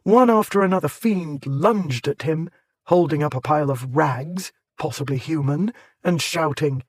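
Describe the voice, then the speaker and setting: A man narrating an audiobook in a measured, clear way. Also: on the high side, no echo. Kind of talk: scripted narration.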